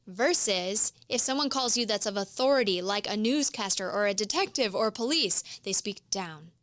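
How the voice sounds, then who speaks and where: A woman hosts an instructional business podcast, coaching and explaining while she demonstrates tones of voice. Her slightly high, bit bright voice has lively intonation at normal speed with few pauses, in studio quality without echo.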